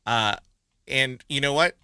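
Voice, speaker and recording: A man's voice: mid-range voice, slow pace, pushed and bright, smooth, no room sound. A man co-hosting a movie review podcast in casual chat, laughing often and acting out quotes from the film. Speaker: podcast co-host.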